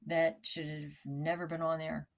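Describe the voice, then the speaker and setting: A woman retelling the words of a calm, secretive man, quoting him in a quiet, withholding way. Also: low voice, normal speed.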